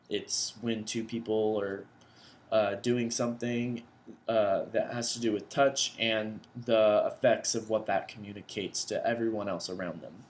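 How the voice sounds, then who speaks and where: An education student, a young man with a middle-pitched and slightly bright voice, works through vocabulary terms for a class assignment. He explains casually, thinking aloud, while recording indoors at his computer.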